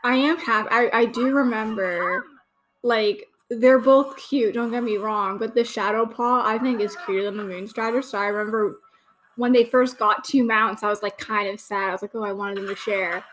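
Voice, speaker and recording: Young woman, podcast host, casual fan commentary, gushing, chatty, fairly high voice. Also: fairly even intonation, normal speed, a bit bright, a little hiss or hum. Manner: gushing, chatty, full of fillers. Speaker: podcast host giving watch-along commentary.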